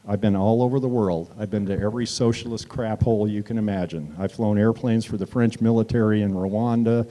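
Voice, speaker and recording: Male town hall speaker, low mellow voice, storytelling that swells into loud emphatic lines. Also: a little fast, few pauses. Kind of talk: political stump speech. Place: community meeting hall.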